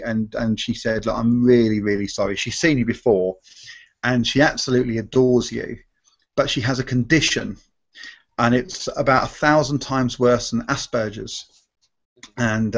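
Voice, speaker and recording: A man, a restaurant magician, casually telling stories in a live Q&A and correcting himself as he goes. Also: medium pitch. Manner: rambling, self-correcting, acts out quoted voices. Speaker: restaurant magician and comedy performer. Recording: dull lo-fi stream audio.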